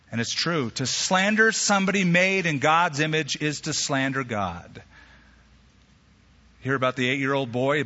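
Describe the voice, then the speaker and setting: A man preaching a sermon as pastor, animated, with sudden jumps in pitch and acted-out quotes. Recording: echoey hall, slightly dull sound.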